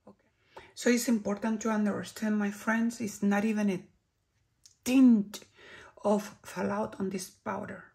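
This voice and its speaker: A woman from Chile with a Chilean Spanish accent, reviewing beauty products in an unhurried way and dropping to soft whispers when she admires something. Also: mid-range voice, fairly even intonation, vocal fry. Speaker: beauty vlogger.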